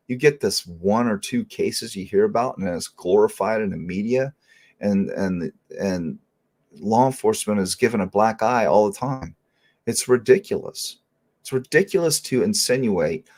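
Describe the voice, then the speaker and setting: Male detective host, low voice, emphatic, indignant, casual stream talk. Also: a little mellow.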